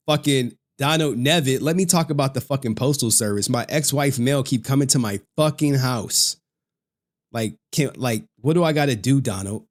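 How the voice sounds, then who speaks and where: Profane, heated livestream host. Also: male voice, medium pitch. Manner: profane, heated, swearing constantly. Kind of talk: casual livestream rant.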